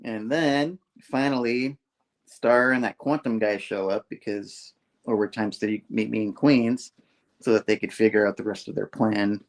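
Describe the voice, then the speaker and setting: A man's voice: lowish voice, normal speed. A man hosting a casual comic book review, retelling the story with lots of fillers and putting on voices for the characters. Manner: animated retelling, acting out dialogue, many fillers. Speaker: host.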